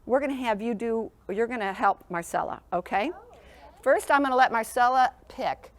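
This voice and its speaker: In a school classroom, a woman with a somewhat high voice leads a class of young children at normal speed. She's presented as a sleep program presenter, and she speaks in an encouraging, sing-song teacher style while repeatedly checking that the kids are following along.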